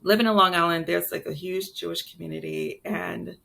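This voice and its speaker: A woman's voice: lowish voice, fairly even intonation, brisk, creaky, sharp tone. A woman in her late forties, a chef and entrepreneur, telling her life story candidly in a casual interview, with many fillers and restarts. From Brooklyn and South Carolina. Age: late 40s.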